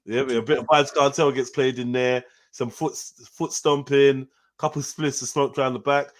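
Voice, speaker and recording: A man hosting a casual live panel chat, animated and joking, laughing often and swearing freely. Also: medium pitch, normal speed. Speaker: host.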